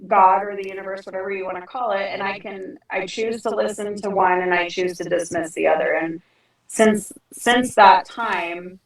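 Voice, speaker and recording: A middle-aged woman, a podcast guest, telling a personal story in a lively, frank way and acting out the dialogue. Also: mid-range voice, normal speed, vocal fry, echoey room, far from the mic, rough recording. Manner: animated, acts out dialogue with frank language. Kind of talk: conversational storytelling.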